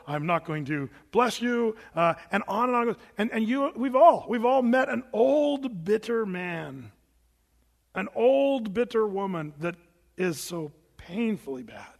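A man preaching a sermon in a conversational way, with lively asides and acted-out quotes. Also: high-pitched, unhurried, creaky, big-room sound. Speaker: pastor.

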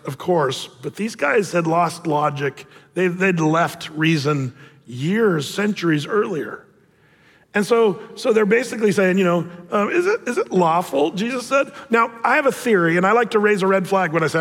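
A man preaching a sermon, telling Bible stories with humor and acting out the people in them. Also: high voice. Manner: animated storytelling, acts out voices. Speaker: pastor. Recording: reverberant hall.

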